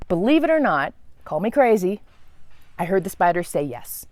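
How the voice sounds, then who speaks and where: A woman tells a story to camera with a lively, theatrical delivery. Her pitch climbs and dips all over the place, and the sound is dry and close. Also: moderate pace, no echo. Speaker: travel vlogger.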